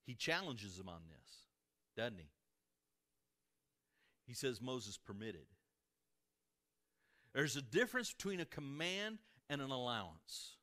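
Lively Midwestern pastor preaching. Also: male voice, mid-range voice, measured pace, long pauses. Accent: American Midwest. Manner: animated, rising to emphatic peaks and dropping to soft asides. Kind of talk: sermon. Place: church sanctuary before a congregation.

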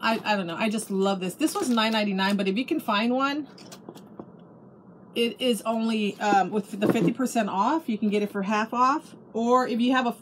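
Chatting casually at home, a middle-aged woman shows off her craft haul, gushing and starting sentences over. Her pitch is fairly high and her pace moderate, with a bit of background noise present.

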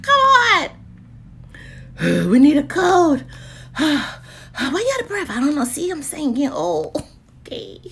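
A woman, chatting casually about deals in a lively vlog, with lots of exclaiming and laughing. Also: high-pitched, measured pace, gravelly. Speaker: deals vlogger. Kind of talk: casual live chat.

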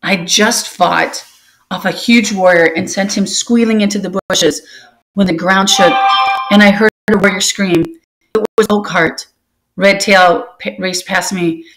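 A woman's voice: medium pitch, fairly even intonation, a little slow, a bit bright, rough recording. A woman voicing a shy young male cat recounting a fierce battle to other apprentices in a storybook reading. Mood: vivid telling. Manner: storytelling, growing bolder.

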